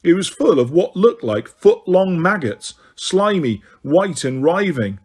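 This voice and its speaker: A man's voice: high voice, sing-song, a little slow, husky. Man reading an audiobook. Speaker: audiobook reader. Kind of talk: audiobook narration.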